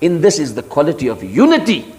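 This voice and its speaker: A man giving a sermon of Quran commentary, emphatic, rising into high rhetorical challenges and chanting Arabic verses. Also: huge pitch swings, quick pace, a little mellow. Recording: long hall reverb.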